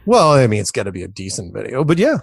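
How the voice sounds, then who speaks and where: A man's voice: mid-range voice, fast talker, vocal fry, husky, dry recording. Guy rambling thru a story in an interview, keeps repeating himself, dry close mic. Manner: rambling, repeats words, animated quoting of others. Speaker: interview guest.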